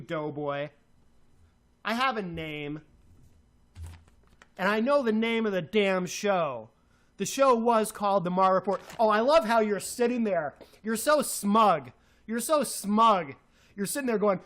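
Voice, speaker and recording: A man's voice: high voice, animated, normal speed, fairly bright tone. A man co-hosting a talk show, ranting in a heated voice, repeating himself and hurling insults. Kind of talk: angry radio rant.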